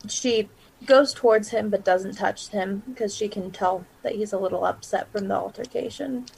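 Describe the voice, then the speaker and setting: A woman's voice: medium pitch, moderate pace, vocal fry, a little mellow, slightly rough, rough recording. A woman playing a tabletop game, describing her figure's actions and thinking aloud. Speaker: player. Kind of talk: casual tabletop game talk.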